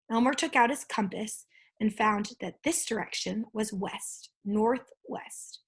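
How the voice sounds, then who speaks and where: Breathy woman reading a children's story. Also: mid-range voice, slow. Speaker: storybook reader. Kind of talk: reading a children's book aloud.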